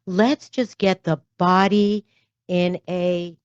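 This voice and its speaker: Low-voiced woman hosting a podcast. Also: steady tone, slow pace, clean tone, no echo, dull audio. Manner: thoughtful, frequent "you know" asides. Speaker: podcast host, doctor. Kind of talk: conversational interview.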